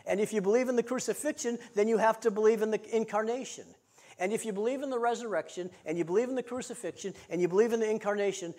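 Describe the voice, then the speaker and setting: A male pastor delivers a sermon in a rhythmic, repetitive cadence, swinging between loud emphatic lines and hushed, intimate ones. His voice is high and fast with lively intonation.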